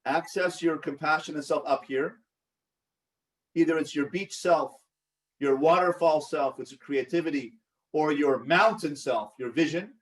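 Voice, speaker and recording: A man's voice: a little high, unhurried, far from the mic. A man leading a support group, who coaches, asks the group questions and acts out sample replies. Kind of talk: teaching a live online group session.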